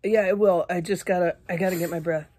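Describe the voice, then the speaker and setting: A woman vlogging casually to her viewers, out of breath and clearing her throat often, talking in halting restarts. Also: on the low side, steady tone, warm tone, no echo. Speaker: YouTuber eating spicy candy. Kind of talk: casual vlog talk to camera.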